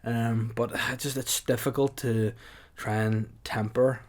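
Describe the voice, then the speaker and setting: Deadpan man. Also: mid-range voice. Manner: dry, deadpan, quick-witted. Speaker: podcast co-host. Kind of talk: casual comedic chat.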